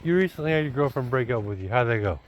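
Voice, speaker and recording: A man's voice: medium pitch, expressive, quick pace, dull audio, slight background noise. A man talking casually to his son about dating, blunt and preachy, looping back with filler words like "you know" and "dude". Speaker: father giving his son dating advice. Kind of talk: casual rambling vlog talk.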